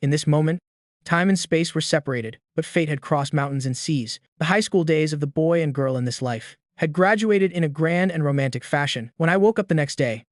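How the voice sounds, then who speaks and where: A man's voice: a little high, no echo. Man narrating a story, dry close sound.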